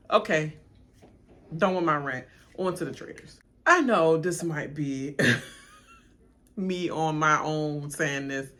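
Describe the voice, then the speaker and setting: A woman hosting a reaction channel rants casually and animatedly right at her viewers, laughing and chattering in slang. Her voice is medium-pitched, bright, and forceful.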